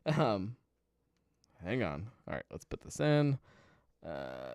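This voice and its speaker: Man, thirties, casual host, rambling and chuckling, lowish voice, dry close sound. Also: big pitch swings, takes it slowly, a little mellow, clear, resonant tone, dry recording. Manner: rambling, laid-back, chuckles often. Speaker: podcast host. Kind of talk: casual live-stream chat. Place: home.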